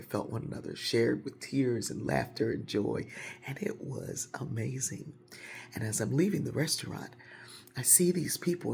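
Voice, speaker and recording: A woman telling a personal story casually to camera, animated and growing louder and quicker as it builds. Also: very deep voice, vocal fry.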